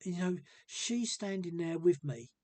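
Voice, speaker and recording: A man's voice: high-pitched, lively intonation, a little slow, warm tone, no room sound. A man telling a personal story in a casual, rambling way, often repeating himself with earnest feeling.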